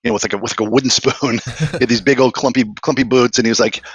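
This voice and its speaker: This is a Boston-accented man in his fifties, a podcast guest spinning animated, joking stories. He talks quickly and sits close to a dry mic. His voice is mid-pitched, with a lively, storytelling delivery. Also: husky, dry recording. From greater Boston, USA. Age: 50s. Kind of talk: casual interview chat.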